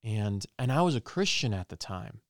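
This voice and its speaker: A man's voice: fairly low pitch, sing-song, normal speed, no echo, clean studio sound. A man giving an earnest personal testimony and preaching, repeating phrases for emphasis.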